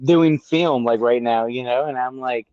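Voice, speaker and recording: A podcast co-host in his late thirties, with a clear, resonant mid-range voice at a moderate pace, tells a personal story casually and profanely, animatedly acting out what others said. The sound is lo-fi with no echo.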